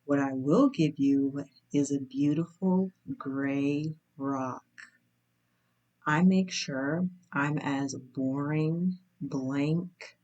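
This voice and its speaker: A young woman vlogger telling a personal story to camera in a candid, wry way, slowing down to stress her points. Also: deep voice, a little mellow, dull audio. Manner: candid and wry, slows for emphasis.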